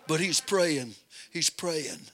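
An older man preaching a fiery revival sermon, moving from folksy storytelling to shouted exhortation. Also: a little high, slow pace.

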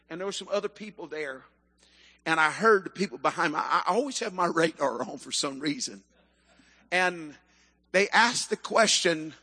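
Male preacher, high and bright, fervent, bursts into shouts; big echoing hall. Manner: fervent, swings into shouted emphasis. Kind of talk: sermon. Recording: echoey hall.

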